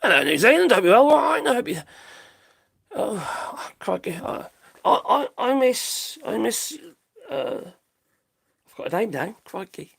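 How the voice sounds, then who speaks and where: British man, middle-aged, live-stream host, blunt rambling rant, swears, high gravelly voice. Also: very animated, slow pace, long pauses, fairly bright tone. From Britain. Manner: blunt, sweary, rambling, laughs at own jokes. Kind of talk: casual live-stream commentary.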